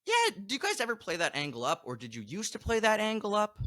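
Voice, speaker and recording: A man's voice: sits high, fast talker, no room sound, studio quality. A man hosting a podcast, chatting casually and telling stories with exaggerated complaints. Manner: animated storyteller, exaggerated complaints. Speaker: podcast host. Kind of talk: casual chat.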